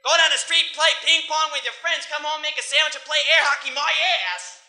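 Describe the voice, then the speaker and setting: A stubborn, furious middle-aged dad barks out his complaints in a loud, tense voice, as a comedian puts him on. The shouting rings through an echoey club room. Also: extremely high pitch, fairly even intonation, fairly quick, pitched above the performer's own voice, heavily acted. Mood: angry. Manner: barking, shouting. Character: stubborn angry middle-aged New York father.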